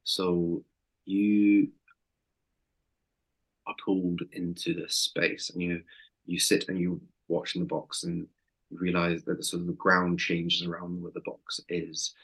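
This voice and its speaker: A man narrating a tabletop game as game master, calm and hesitant, with many ums. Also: sits low, measured pace, breathy edge, rough recording.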